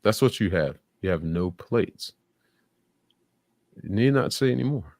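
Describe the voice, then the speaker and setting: A man's voice: on the low side, expressive, measured pace, a little mellow, no room sound, clean studio sound. A man giving blunt, sarcastic live reaction commentary, swearing freely. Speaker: streamer reacting to videos.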